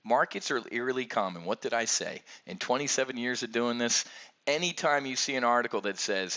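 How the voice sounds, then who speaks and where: A man's voice: medium pitch, moderate pace, muffled recording. Ranting blunt male market commentator. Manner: animated, blunt, ranting, sarcastic. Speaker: options trading market commentator.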